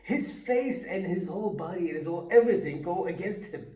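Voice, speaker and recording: A speaker making a reaction video, commenting in excitable, laughing asides. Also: medium pitch, brisk, reverberant.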